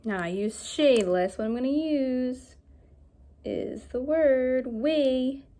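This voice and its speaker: Cheerful woman teacher for a recorded lesson for small kids, clear and animated. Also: high voice. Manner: animated, slow and clear, asks pupils questions. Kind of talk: recorded early-grade lesson.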